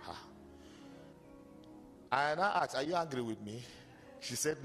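A man preaching a sermon as pastor, animated and storytelling with mocking asides. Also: medium pitch, unhurried. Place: church hall. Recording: long hall reverb with faint music.

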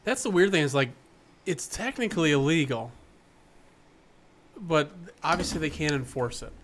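A man's voice: fairly high pitch, expressive, moderate pace, a bit bright, slight background noise. A man hosting a podcast in casual chat, joking and swearing freely. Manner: joking and profane. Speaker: podcast host.

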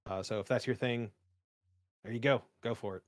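A man's voice: medium pitch, steady tone, moderate pace, no room sound, clean studio sound. Rambling young man on a podcast. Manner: rambling, many fillers, jokey. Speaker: podcast co-host. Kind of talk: casual chat.

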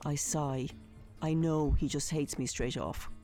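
A woman's voice: low-pitched, steady tone, unhurried, warm tone, faint music behind. A woman telling a vivid personal story in a conversational, colourful way.

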